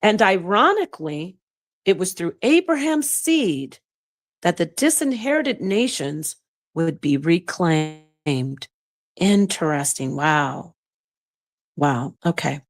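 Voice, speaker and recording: Her voice sits on the low side and her pace is slow. Hosting her own channel, this woman gives casual, livestream-style commentary on scripture, speaking straight to her audience. With animated emphasis, she reads excerpts aloud and offers thanks to viewers.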